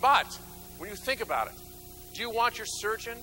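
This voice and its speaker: A man giving an energetic motivational talk from a stage, acting out little scenes and swinging from loud bursts to low mutters. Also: normal speed, music in the background, poor audio. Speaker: motivational speaker. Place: stage before an audience.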